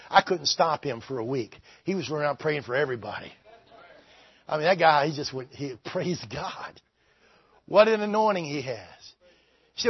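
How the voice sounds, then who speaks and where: Male pastor, husky voice, very high pitch, fervent shouting revival sermon, muffled lo-fi recording. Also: no room sound. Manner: shouting, fervent preaching with many repeated phrases.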